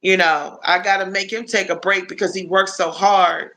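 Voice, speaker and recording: A woman's voice: mid-range voice, steady tone, moderate pace, pushed and bright, poor audio. A woman in her fifties chatting casually on a live stream, rambling through stories with lots of restarts. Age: 50s.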